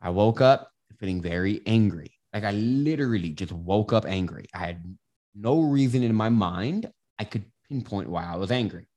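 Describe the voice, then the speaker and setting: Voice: deep voice, expressive, moderate pace, mellow. A self-help coach giving candid casual advice, explaining through a personal story with frequent restarts. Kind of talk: casual advice monologue to camera.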